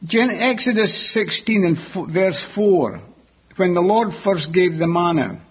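A man preaching a sermon that explains a Bible passage, deliberate and repeating key words for emphasis. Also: high-pitched, expressive, slightly rough, lo-fi sound.

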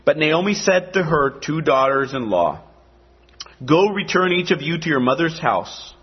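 A man's voice: a little high, husky, lo-fi sound. A man preaching a sermon, talking in a conversational way and dropping in dramatic asides. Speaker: pastor.

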